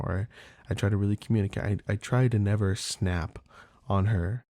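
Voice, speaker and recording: Guy hosting a podcast, rambling and swearing, dark mellow tone, dry close sound. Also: lowish voice, fairly quick, dry recording. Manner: rambling, candid, swears freely, many fillers. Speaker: podcast host. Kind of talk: casual monologue.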